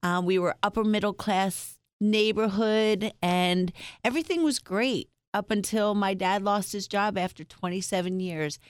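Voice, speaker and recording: A woman's voice: mid-range voice, fairly even intonation, measured pace, hardly any pauses, smooth, no echo, studio quality. A middle-aged woman guest telling personal stories in an interview, frank and upbeat, using humor. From Springfield, United States.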